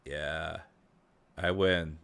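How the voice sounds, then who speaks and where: A deep-voiced male streamer reacting to a game, with a gravelly, creaky rasp in his voice. He talks slowly, laughing and stumbling over his replies. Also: fairly even intonation, a bit bright. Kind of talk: gameplay commentary.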